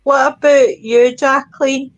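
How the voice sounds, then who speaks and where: Teasing high-voiced woman. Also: fairly even intonation, no room sound, lo-fi sound. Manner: teasing, quick reactions. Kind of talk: casual chat.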